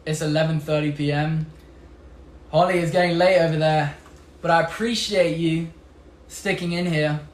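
A man's voice: a little high, steady tone, moderate pace, pauses often. Chatty young British man, roomy live stream. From England. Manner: chatty, upbeat, reads out and answers viewer comments. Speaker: livestream host. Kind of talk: casual live-stream product showcase. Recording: echoey room with faint background noise.

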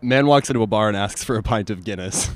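A man's voice: fairly low pitch, quick pace, no echo. A young man telling a joke outdoors on a handheld mic while straining through a wall sit, tired and trailing off. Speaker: student on a campus broadcast. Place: outdoors on a campus.

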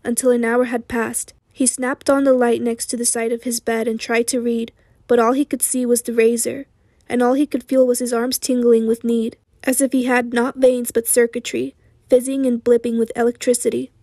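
A woman with a hoarse voice reading an audiobook in a slow, steady, sombre way. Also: on the high side, no echo, clean studio sound. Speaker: audiobook narrator. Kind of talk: audiobook narration.

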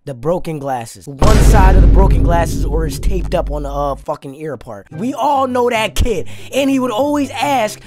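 This young gaming YouTuber's voice sits high, with lively intonation, a slightly fast pace and few pauses, set against background music. He trash-talks through his gameplay with hype and swearing, roasting rivals in a playful way.

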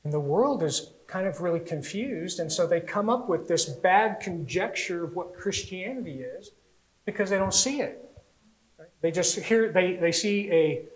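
An American man preaching a sermon as pastor, telling stories in an animated way and acting out little voices. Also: sits high, unhurried, low-quality recording. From United States.

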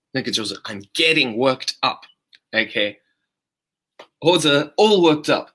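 A man hosting a casual live-stream English lesson, talking animatedly and slowing down to repeat and spell out phrases. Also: mid-range voice, sharp tone, slightly rough.

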